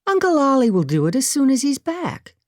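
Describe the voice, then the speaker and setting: A woman's voice: sits high, sing-song, brisk, no room sound, studio quality, voice pushed up. A woman voicing a breezy, upbeat young heroine. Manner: breezy, brushes off worry. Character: impulsive upbeat young woman treasure hunter.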